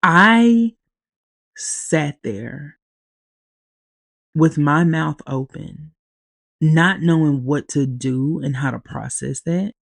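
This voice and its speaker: A woman hosting a podcast, casually recapping a TV episode, speaking haltingly with long pauses as she grows teary-eyed. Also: sits low, gravelly, dry recording. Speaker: podcast host.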